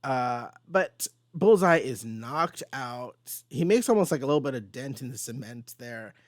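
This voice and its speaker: A man hosting a casual comic book discussion, recapping pages with animated delivery and quick quoted lines. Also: medium pitch, no room sound, clean studio sound. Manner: animated recapping, quoting characters in passing. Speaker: host.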